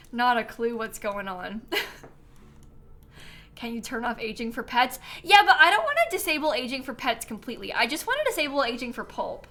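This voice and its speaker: A woman's voice: a little high, pushed and bright. A young woman streaming a game live, chatting casually with her chat, reading donations and laughing at herself often. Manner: chatty, self-mocking, laughs often, reads donations aloud.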